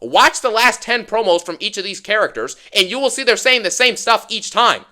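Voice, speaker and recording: A man's voice: sits high, expressive, a little fast, pushed and bright. A young man ranting sarcastically to his viewers, exasperated and mocking the people he recaps in funny voices. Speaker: wrestling commentator ranting to viewers.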